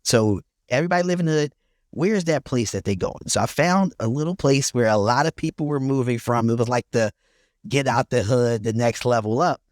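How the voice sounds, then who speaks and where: A man's voice: medium pitch, a little fast, no echo, studio quality. Laid-back philly guy telling stories. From North Philadelphia, USA. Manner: laid-back storytelling, laughs often, blunt and profane. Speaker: guest, real estate investor. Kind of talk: casual podcast interview.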